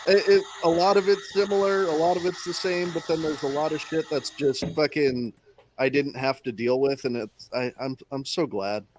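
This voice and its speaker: A man's voice: on the high side, steady tone, normal speed, noisy background. A man who is a military veteran, chatting casually with wry, profane remarks. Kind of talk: casual podcast chat.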